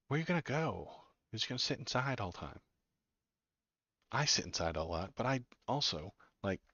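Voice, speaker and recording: Deep-voiced guy on a livestream, sarcastic ranting, kinda dull muffled audio. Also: a bit bright, breathy edge, no echo. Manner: sarcastic, ranting, mocking disgust. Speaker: political livestream host.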